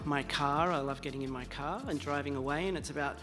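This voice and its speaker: Nervous middle-aged man over loud guitar. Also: on the high side, big-room sound. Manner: nervous, self-deprecating, quick asides. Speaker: singer-songwriter. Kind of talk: stage patter between songs.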